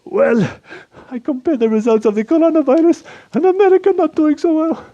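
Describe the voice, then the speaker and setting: A man voicing an excitable, proud Slovak man with a Slovak accent who speaks broken English, gushes and panics easily. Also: extremely high pitch, a little fast, dull audio, voice pushed up.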